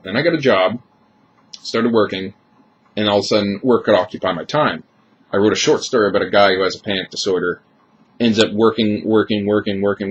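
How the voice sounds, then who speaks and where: A man in his thirties speaks in a rambling, confessional way, circling back and restarting his sentences. His voice sits fairly low. The recording is dull and lo-fi, with a faint hiss underneath. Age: 30s. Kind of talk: personal vlog monologue.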